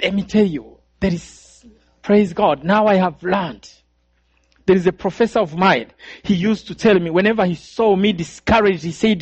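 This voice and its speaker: A man's voice: high-pitched, moderate pace, husky. A man preaching a sermon testimony, telling his story with emotion and repeated phrases. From Rwanda. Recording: dull, dry sound.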